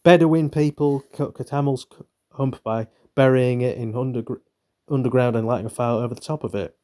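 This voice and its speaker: A man's voice: mid-range voice, fairly even intonation, normal speed, a little mellow. A young man, reading a book aloud and breaking off for rambling, irreverent, swearing asides. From northern Britain. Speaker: channel host reading a book. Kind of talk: reading aloud with offhand commentary.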